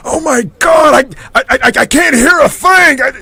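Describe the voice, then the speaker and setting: A man voicing a flustered, stammering character named Tony who shouts that he can't hear. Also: extremely high pitch, normal speed, dry recording, voice pushed up, full character voice. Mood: frantic.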